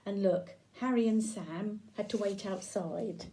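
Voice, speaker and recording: A storyteller grandmother reads a picture book aloud to children in an unhurried, warm, medium-pitched voice. She keeps it interactive, asking the kids questions and pointing at the pictures, though the recording is rough.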